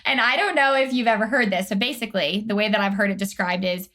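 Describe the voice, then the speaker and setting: A woman's voice: mid-range voice, quick pace, fairly bright tone. A young adult woman from Atlanta, talking as an interview guest in an upbeat, chatty way full of fillers. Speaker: guest, career strategist. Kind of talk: casual interview chat.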